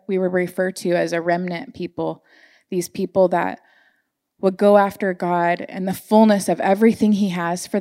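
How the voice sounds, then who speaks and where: A woman with a gravelly, dark-toned voice on the low side preaches an emotional, heartfelt sermon in a church sanctuary. She shares personal stories with her congregation.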